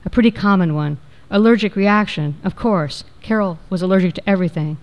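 A woman narrating a personal memoir in a measured, reflective manner. Her voice is smooth and clear, with a middle pitch for a woman. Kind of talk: reading a memoir aloud.

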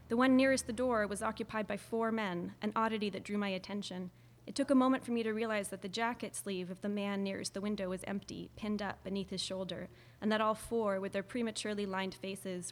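A woman reading a novel aloud in the first person as an audiobook narrator, with measured, expressive storytelling. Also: medium pitch.

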